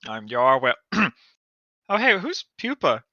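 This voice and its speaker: Bright, sharp-voiced man reading aloud. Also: mid-range voice, huge pitch swings, no room sound, muffled recording. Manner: quick, joking, playful. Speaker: reader in a group readthrough.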